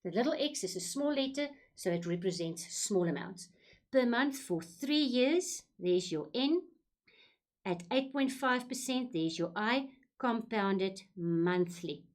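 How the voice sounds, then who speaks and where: A woman teaching a school maths lesson, patiently repeating key points and walking through each step slowly. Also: mid-range voice, expressive. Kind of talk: recorded classroom lesson.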